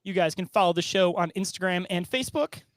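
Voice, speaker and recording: A man's voice: high-pitched, fast talker, no room sound. A man co-hosting a casual comedic podcast, joking and laughing often. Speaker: podcast co-host.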